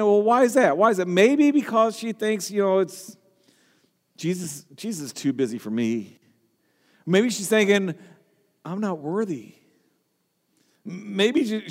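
A man preaching a sermon as pastor, animated, acting out the people in the story and dropping self-deprecating asides. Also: a little high, in a large hall.

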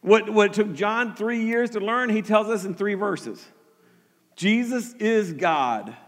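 A man's voice: sits high, fairly even intonation, measured pace, big-room sound. A man preaching a sermon with earnest energy, often repeating words as he starts a thought and building to emphatic peaks. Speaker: pastor.

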